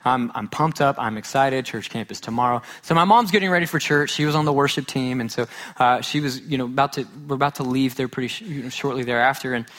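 A man preaching a sermon, telling a funny childhood story with self-mocking humor, then dropping to a hushed, earnest tone. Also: medium pitch, fast. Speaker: pastor.

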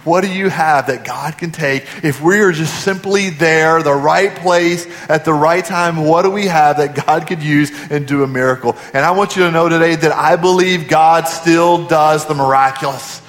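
A man preaching a sermon as a pastor, asking the congregation questions and dropping to quiet emphasis on key points. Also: on the high side, moderate pace, hardly any pauses. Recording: long hall reverb.

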